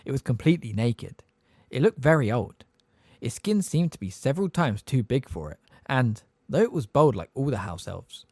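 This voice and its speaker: Guy reading an audiobook, really animated, dead dry mic. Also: medium pitch, breathy edge, no room sound. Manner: expressive, varied reading. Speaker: audiobook narrator. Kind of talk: audiobook narration.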